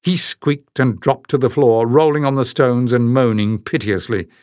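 A man's voice: mid-range voice, moderate pace, no room sound, studio quality. A man reading a fantasy novel aloud as audiobook narrator, telling the story steadily. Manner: steady storytelling, switching into character voices. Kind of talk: scripted narration.

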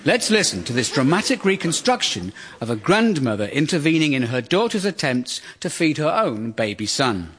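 Wry comedian. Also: male voice, a little high, normal speed, few pauses, husky. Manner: wry, sardonic, deadpan. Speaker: comedian host. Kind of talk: stand-up monologue.

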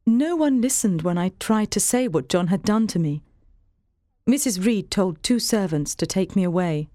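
A woman reads a storybook aloud in a steady, clear first-person voice. The sound is dry and close, with no room around it. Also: medium pitch, normal speed, no echo. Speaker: narrator. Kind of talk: scripted storybook narration.

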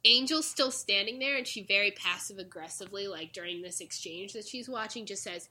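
A woman's voice: mid-range voice, fairly quick, few pauses, sharp tone. A young woman casually recapping a show for a podcast, acting out the characters' lines and laughing often. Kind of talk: casual chat.

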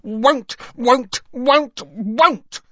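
A man voicing a spiteful old male house elf with a croaking voice, in a dry, slightly dull recording. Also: very high voice, very slow, a bit bright, dry recording, voice pushed up, heavily acted. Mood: stubborn. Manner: stubborn, repetitive chanting.

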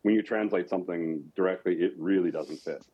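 A man from rural Colorado in the USA, an opera singer appearing as a guest, talks reflectively and thoughtfully about his craft in a casual interview. His voice is low and dark-toned, he speaks fairly quickly, and the lo-fi audio sounds dull.

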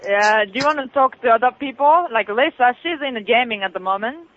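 A woman's voice: fairly high pitch, animated. Japanese-accented woman on a tinny phone line. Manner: halting, often asks to repeat, turns curt. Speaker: tavern staff answering the phone. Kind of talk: phone call.

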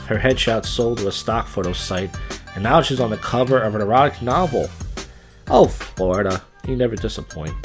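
A man hosting a casual podcast, reading odd headlines and tossing in crude, offhand remarks, often stumbling and restarting as he reads. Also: medium pitch. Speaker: podcast host.

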